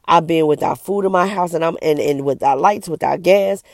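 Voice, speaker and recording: A woman's voice: low voice, normal speed, darkish tone, no echo, clean studio sound. A middle-aged woman who is an evangelist, giving an earnest, emphatic personal testimony straight to camera.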